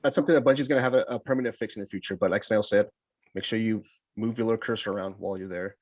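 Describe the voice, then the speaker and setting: A man hosting a podcast who reads out game news and paraphrases it in casual, animated chat. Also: on the low side, very fast. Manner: animated, laughs often, paraphrases the news loosely. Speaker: podcast host.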